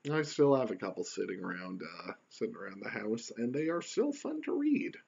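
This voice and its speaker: A man rambling wryly through a casual solo podcast from his computer at home. His pitch is lively and animated, rising and falling a lot. The sound is dull and lo-fi. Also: normal speed, gravelly, slightly rough. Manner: rambling, wry and joking. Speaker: podcast host.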